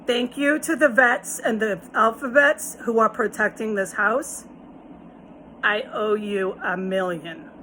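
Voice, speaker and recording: A woman's voice: mid-range voice, pushed and bright, slight background noise, poor audio. A woman talking straight to her viewers in a rambling, emphatic monologue, swearing often and lecturing them. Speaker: vlogger. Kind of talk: direct-to-camera monologue.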